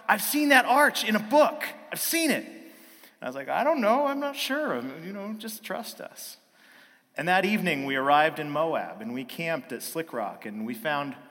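A man's voice: a little high, pushed and bright. A man in his thirties preaching a sermon built around a family story, now and then acting out his children's voices. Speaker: pastor. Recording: long hall reverb.

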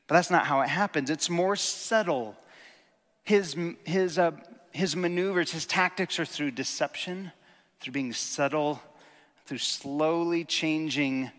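A man preaching a sermon in a conversational, animated way, with jokes and sudden emphatic stresses. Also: a little high, in a large hall.

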